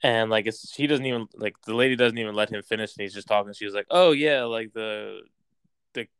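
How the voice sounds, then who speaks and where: A man's voice: lowish voice, flat delivery, brisk, a bit bright, clean tone, dry recording. A young man telling a story in casual conversation, rambling and using "like" constantly. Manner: rambling, heavy use of "like".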